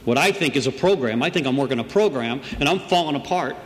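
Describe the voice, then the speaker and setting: A man's voice: mid-range voice, expressive, fast. A middle-aged man speaks to a group at a meeting and tells his story of getting sober in a loose, conversational way. He often checks in with "right?" as he goes. His voice carries a long room reverb over a faint background hum. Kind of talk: personal recovery story told to a group.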